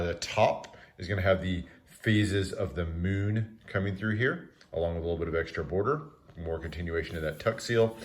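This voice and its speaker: A man giving a relaxed, methodical review of a deck of playing cards, with frequent "uh" fillers. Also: low-pitched. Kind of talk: casual product review narration.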